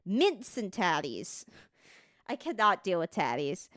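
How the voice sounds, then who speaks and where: A woman's voice: lowish voice, very animated, slow, fairly bright tone, no echo, clean studio sound. A woman streamer chatting casually on a livestream, reading text aloud, swearing freely and stumbling over words as she reads.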